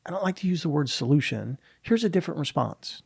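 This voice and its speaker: A middle-aged man, a guest and motivational speaker, telling a personal story with emotion and pausing often to search for his words. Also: on the high side, lively intonation, creaky, slightly rough, no room sound, clean studio sound. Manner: halting, searching for words, many restarts.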